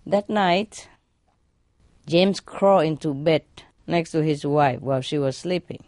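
A woman's voice: deep voice, a little slow, darkish tone, no room sound, studio quality. A woman reading jokes aloud in a casual way, laughing at her own punchlines. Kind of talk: casual joke telling.

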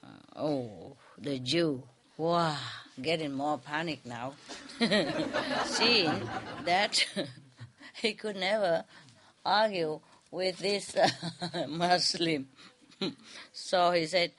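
A woman's voice: deep voice, extremely slow, long pauses, a bit bright, slight background noise. A woman telling a folk tale to a group in loose, conversational English, chuckling often as she goes. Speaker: storyteller.

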